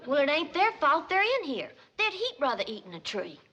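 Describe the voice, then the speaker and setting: An actress playing a sweet young country girl who talks plainly in a soft rural drawl. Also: high-pitched, wildly swooping pitch, a little fast, highs cut off, slight background noise, full character voice. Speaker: Ellie Mae, hillbilly daughter.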